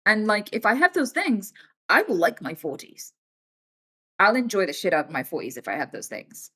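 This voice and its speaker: A woman in her thirties talks straight to her stream viewers in a loose, chatty way. She swears freely and keeps her voice lively, even slipping into other people's voices to act out what they said. Her pitch sits in the middle of the range. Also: moderate pace, slightly rough. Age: 30s. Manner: animated and swearing, acts out quoted voices. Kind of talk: casual live-stream chat.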